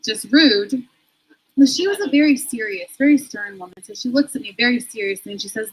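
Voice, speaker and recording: A woman's voice: a little high, animated, brisk, breathy edge, low-quality recording. A woman performing a stand-up comedy set, self-deprecating and laughing through her own jokes.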